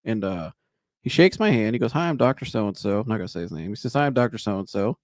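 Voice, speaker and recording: A man's voice: fairly low pitch, fast, dry recording. Rambling man telling a story, dry mic. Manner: rambling, animated anecdote with laughs and restarts. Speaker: podcast host. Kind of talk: casual storytelling.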